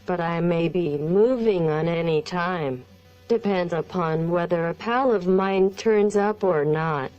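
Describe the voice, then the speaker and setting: A text-to-speech woman's voice reading the lines of a formal, stiff man speaking on the phone, in a slow, flat machine delivery. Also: sits high, clean tone, dull audio, faint music behind.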